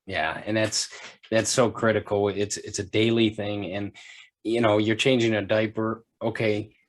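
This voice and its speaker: A man's voice: lowish voice, level tone, a little slow. A middle-aged man hosting a podcast in casual interview chat, encouraging and rambling with frequent restarts. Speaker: podcast host.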